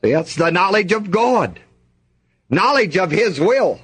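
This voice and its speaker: A man's voice: high voice, very animated, slow pace, fairly bright tone, breathy edge. A man preaching a sermon, reading scripture aloud and asking the congregation to fill in the missing words.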